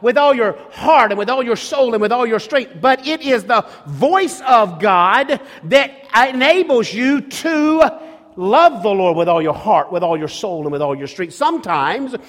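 High-voiced preacher in an echoing hall. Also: male voice, expressive, unhurried, fairly bright tone. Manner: emphatic, repetitive preaching with restarts. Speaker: pastor. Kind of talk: sermon. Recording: long reverb of a large hall.

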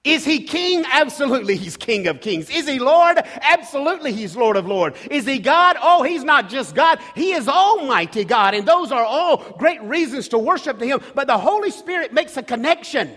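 A man preaching a sermon with emphatic rhetorical questions, sometimes dropping to a hush. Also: very high-pitched, sing-song, moderate pace, hardly any pauses, big-room sound. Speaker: pastor.

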